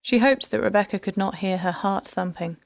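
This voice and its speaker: A woman narrating an audiobook in a soft, measured way. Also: gravelly, no echo. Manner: soft, measured, lowered narration between dialogue.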